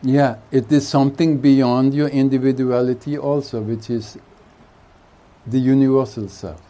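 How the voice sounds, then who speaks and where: A man speaking as a spiritual teacher at a retreat, giving an unhurried satsang talk with jokes and chuckling between his thoughts. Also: mid-range voice, fairly even intonation, dark tone. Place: retreat hall.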